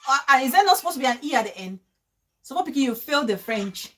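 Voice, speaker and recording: Emotional high-voiced woman streaming live. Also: big pitch swings, fast talker, a little hiss or hum. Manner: emotional and pleading, shouting out names. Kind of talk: casual live-stream chat with viewers.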